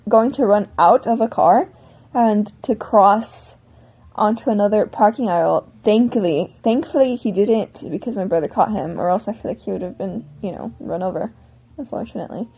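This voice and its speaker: A woman's voice: medium pitch, moderate pace, dark tone, slightly rough. A woman vlogger telling a long personal story in a casual, rambling way, often correcting herself mid-sentence.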